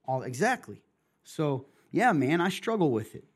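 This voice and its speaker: Middle-aged male podcast host, a touch high-pitched; candid, passionate, conversational. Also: big pitch swings, normal speed, husky. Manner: passionate, candid, talks in bursts. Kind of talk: casual chat.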